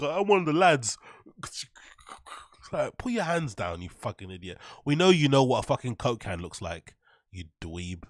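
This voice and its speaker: A man's voice: mid-range voice, no room sound, clean studio sound. A man hosting a commentary show, ranting and mocking clips with heavy profanity and filler words. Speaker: host.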